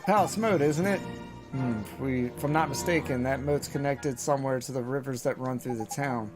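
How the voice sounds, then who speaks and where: A man's voice: mid-range voice, moderate pace, natural voice. A man voicing a cheeky little male fairy sidekick who talks in folksy turns of phrase, over faint game music. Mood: musing.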